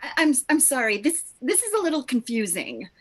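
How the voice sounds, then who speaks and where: A woman playing a naive, polite amnesiac who speaks in a bright, wondering way, in a live play reading over a video call. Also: high-pitched, sing-song, fairly quick, slight background noise. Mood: puzzled.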